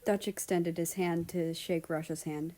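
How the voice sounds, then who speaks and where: A woman narrates a fan fiction story in an even, storytelling voice. Her pitch sits low for a woman and stays steady. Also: unhurried, low-quality recording. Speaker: story reader. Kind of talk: reading fan fiction aloud.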